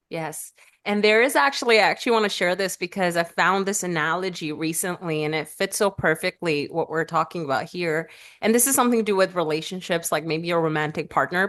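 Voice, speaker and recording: A woman's voice: fairly low pitch, fairly bright tone. Woman guest sharing her story, stops and restarts a lot, gets teary, voice jumps up when she quotes herself. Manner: halting, with fillers and restarts, voice rising in quoted self-talk. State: tearful at times. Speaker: podcast guest. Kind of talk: emotional personal storytelling.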